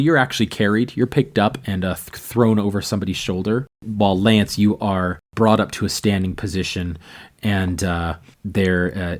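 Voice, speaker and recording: A man narrating a tabletop game as game master, loose and full of fillers. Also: lowish voice.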